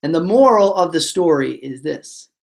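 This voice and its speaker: A man presenting a motivational webinar, telling stories in a lively way and acting out the voices of the characters. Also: on the high side, moderate pace, creaky. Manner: animated storyteller, acts out voices. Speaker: motivational speaker.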